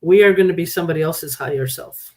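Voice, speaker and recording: Woman co-host, chatty spiritual reader, loose and jokey, lowish pitch. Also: quick pace, a little mellow. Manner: rambling, joking, laughs a lot. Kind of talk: casual group chat.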